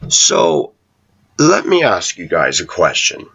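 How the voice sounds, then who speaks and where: Deep-voiced man preaching casually, lo-fi. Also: wildly swooping pitch, takes it slowly, a bit bright, breathy edge. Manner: storytelling, laughs often, rhetorical questions. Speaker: online Christian commentator.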